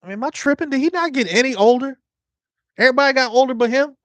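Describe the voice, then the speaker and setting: A man hosting a livestream, reacting to a TV episode with animated, joking, slangy banter. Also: extremely high pitch, fast talker, no room sound. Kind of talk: casual reaction chat.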